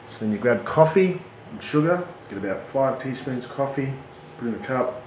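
A middle-aged Australian man spins a rowdy yarn in a casual, swear-laden voice, animated and breaking into laughs. His voice carries a roomy echo, with steady background noise clearly audible behind him. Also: mid-range voice, moderate pace. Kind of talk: casual storytelling.

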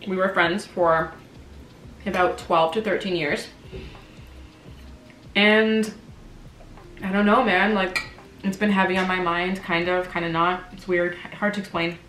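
A Canadian vlogger in her twenties chats candidly while eating at a table in her home, speaking a little slowly with frequent pauses. Her voice is on the low side, fairly even in intonation and a bit bright. Soft background music plays, and the echoey room picks up faint kitchen clatter.

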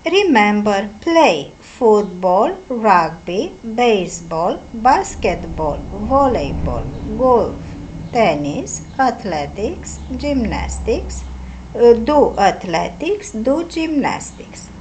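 A woman teaching English, reading words and phrases aloud one by one with deliberate pronunciation in a lesson. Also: mid-range voice, very animated, darkish tone, a little hiss or hum, low-quality recording. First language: Romanian. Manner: careful, deliberate word-by-word pronunciation. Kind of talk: slow lesson reading out word lists.

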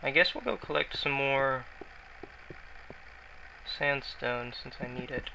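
Man, let's play commentary, self-mocking and rambling, gravelly voice, hissy recording. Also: medium pitch, slow, pauses often, bright, forceful tone, poor audio. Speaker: gaming YouTuber.

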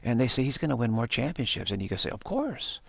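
A man with a gravelly, slightly husky voice talks on in a loose, rambling monologue, stumbling over restarts and repeated words. His pitch sits mid-range, he grows animated and excited as he talks, and the sound is dry and close. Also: very fast, no echo. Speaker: talk host. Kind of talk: casual monologue.

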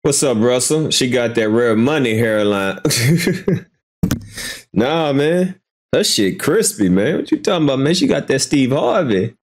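A man hosting a live stream, answering insults with sarcastic jokes and calm talk. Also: mid-range voice, a little slow. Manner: sarcastic, joking back. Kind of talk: casual live-stream commentary.

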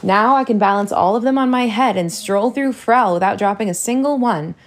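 A woman's voice: medium pitch, normal speed, lightly acted. A woman reading as a witty, teasing girl heroine.

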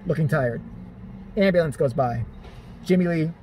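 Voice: medium pitch, normal speed, a little mellow, slight background noise. A vlogger ranting in profane, sarcastic, exasperated commentary.

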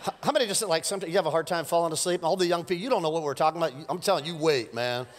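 A middle-aged man preaching a sermon as pastor, animated and joking with the congregation. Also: a little high, racing, slight background noise. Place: church sanctuary. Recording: live church sermon with long reverb.

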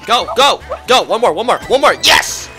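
Man, let's play host, high pitch, very lively swings, excitable yelling, game music behind. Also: normal speed. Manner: excitable, yelling and protesting at teammates. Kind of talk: multiplayer gaming banter.

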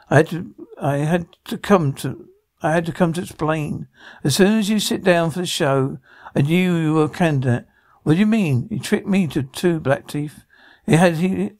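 Gravelly man reading all the parts. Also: fairly high pitch, a little mellow, no echo, clean studio sound. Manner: reads every part in turn, with slips and restarts. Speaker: radio show reader voicing a TV drama. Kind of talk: one-man reading of a drama, including sound captions.

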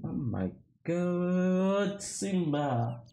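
A man's voice: sits high, animated, drawn-out words, dark tone. A man commenting on a video game he is playing, rambling and trailing off as he reacts. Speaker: gaming streamer. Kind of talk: let's play commentary.

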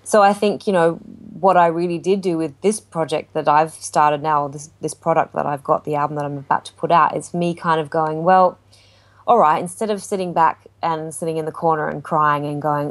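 Woman, low voice, lively anecdote-teller, interview guest. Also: normal speed. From Australia. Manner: animated storytelling with acted-out quotes. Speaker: jazz singer guest. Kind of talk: casual interview chat.

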